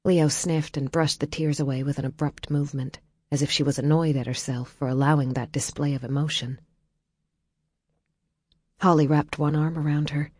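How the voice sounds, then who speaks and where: A woman narrating an audiobook in a quiet, measured storytelling way. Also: low-pitched, steady tone, no echo.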